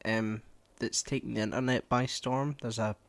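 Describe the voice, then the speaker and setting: A man chatting on a podcast, hesitant and halting, often breaking into laughter. His voice sits at a middling pitch, caught close on a dry mic. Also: fairly even intonation, no room sound. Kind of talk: casual chat.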